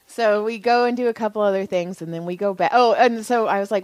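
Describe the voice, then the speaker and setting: A woman's voice: medium pitch, normal speed, smooth, no room sound, low-quality recording. A woman in her thirties co-hosting a podcast, telling a family story in casual chat, laughing often and acting out the voices of the people she quotes. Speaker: podcast co-host.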